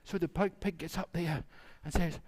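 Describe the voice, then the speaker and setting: A man's voice: a little high, steady tone, moderate pace, darkish tone. A man, a minister telling a playful children's story during a church service and acting out the animals.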